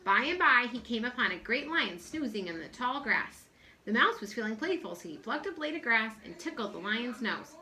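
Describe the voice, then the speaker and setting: A woman reading a children's picture book aloud in a friendly, expressive way. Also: a little high, normal speed. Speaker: story reader.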